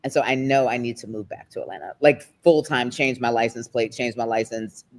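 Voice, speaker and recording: Emotional woman guest. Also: extremely low pitch. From United States. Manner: emotional, expressive, quick shifts in pace. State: near tears. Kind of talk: candid interview conversation.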